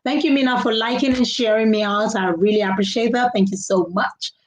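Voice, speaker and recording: A young woman with a Nigerian English accent hosts a casual live stream. Her voice sits fairly high, and she chats loosely, repeating words and laughing often. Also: steady tone, fairly quick.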